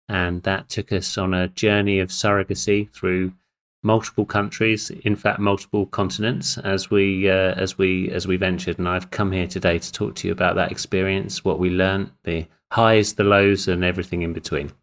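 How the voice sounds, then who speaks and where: A man's voice: sits low, fairly bright tone. A middle-aged man with an English accent, a podcast guest chatting on a remote call and telling his story in a friendly, self-deprecating way. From England. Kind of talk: casual chat.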